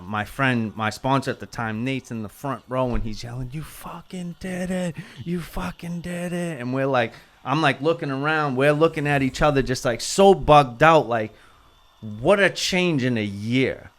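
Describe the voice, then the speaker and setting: A man, a dancer, telling a story in casual podcast talk, rambling with lots of "like" and swearing. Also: mid-range voice.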